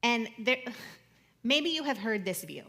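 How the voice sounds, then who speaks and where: A young adult woman speaking to an audience in a conversational, jokey way, swinging between loud and soft. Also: on the high side, animated, slow. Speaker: speaker giving a talk.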